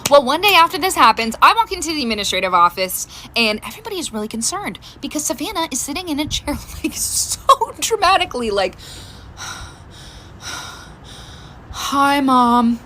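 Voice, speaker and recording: A woman, a mother, telling a funny storytime monologue, animated and laughing as she talks. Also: high-pitched, moderate pace, slight background noise.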